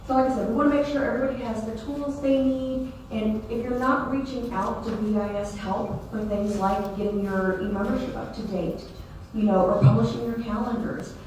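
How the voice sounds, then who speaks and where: A woman's voice: fairly high pitch, fairly even intonation, brisk, a little mellow. Chatty woman with a mississippi drawl, picked up far off in a big echoey hall with noise behind. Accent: Mississippi Southern US. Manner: friendly, chatty, self-deprecating. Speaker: presenter at a meeting. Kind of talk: casual presentation to a live audience. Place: large meeting hall. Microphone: room mic from a distance.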